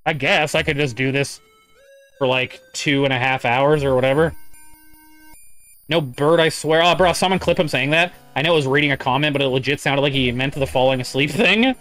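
A man's voice: medium pitch, a little fast, fairly bright tone, soft background music. A man live-streaming a game, chatting casually, reading chat aloud and swearing often. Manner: profane, rambling, reads chat aloud.

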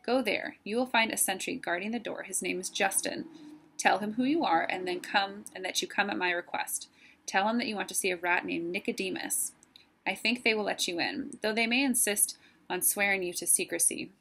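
A woman voicing a wise old male owl who speaks in a measured, formal way while reading a storybook aloud. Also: medium pitch, vocal fry, sharp tone, slight background noise. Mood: grave.

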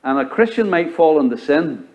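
A man with a Southern US accent preaching a sermon as pastor, rising to loud high exhortation and dropping to low, quiet emphasis. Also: very animated, moderate pace, muffled recording. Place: church sanctuary.

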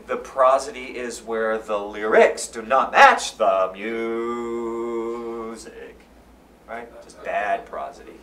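A man gives a conference lecture, energetic and fond of repeating his key phrases. He sounds distant from the mic in a roomy space. A faint room hum sits under his voice. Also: mid-range voice, a little slow. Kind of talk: live lecture. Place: conference hall.

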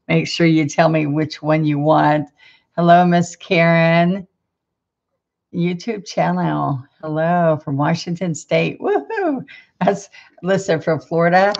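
A middle-aged Southern woman hosts a live painting stream and chats easily, greeting her viewers by name between small laughs. Her voice sits low with a gravelly edge, and she talks at an unhurried pace. The sound is dull and lo-fi. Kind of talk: casual live-stream chat.

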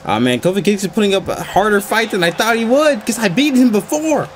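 A man giving excited, frantic commentary while playing a wrestling video game, groaning one moment and yelping the next. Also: sits high, brisk, slight background noise. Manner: frantic, swings between groans and yelps. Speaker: gaming channel host.

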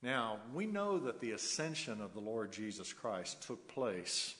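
A man preaching a sermon as pastor, emphatic and rhythmic, with soft chuckles now and then. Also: on the low side, sing-song, a little slow, in a large hall. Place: church sanctuary.

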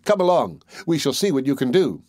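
Sly, jumpy thieves plotting in hushed tones, as a male narrator puts them on, only a little lifted from his normal voice. The sound is close and dry, with no room around it. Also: on the high side, big pitch swings, brisk, no room sound. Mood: furtive. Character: two scheming adult male thieves.

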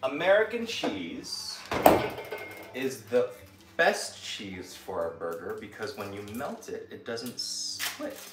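A man's voice: lowish voice, sing-song, takes it slowly. A man, a former restaurant cook, chatting casually while he cooks in his home kitchen and talking to his dog. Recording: echoey room with background noise and clicks.

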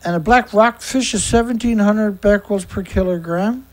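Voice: medium pitch, moderate pace, a little mellow, rough recording. A host of a daily news show reads news excerpts aloud and comments on them in a sarcastic, indignant way, often stumbling and repeating words.

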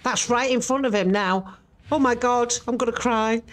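A woman's voice: on the high side, moderate pace. A woman reacting to a ghost hunt video, jittery, exclaiming and swearing, rambling when nervous.

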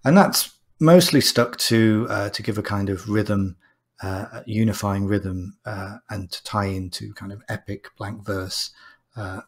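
A man's voice: lowish voice, a little slow, husky. A man giving a chatty, explanatory online lesson on a poem, as a teacher. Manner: chatty and explanatory, with restarts and fillers. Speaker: English teacher.

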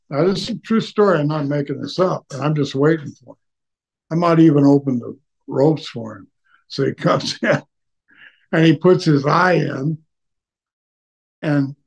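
An older man, a retired wrestler, telling rambling stories in a casual interview and breaking into loud whoops. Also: on the high side, measured pace, gravelly, long pauses. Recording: dull lo-fi audio.

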